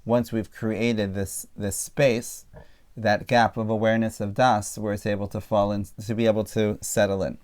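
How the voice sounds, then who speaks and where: Give me a man as a career coach, reflecting aloud in a relaxed podcast chat. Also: on the low side, moderate pace. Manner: reflective, thinks aloud with many fillers. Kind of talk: podcast discussion.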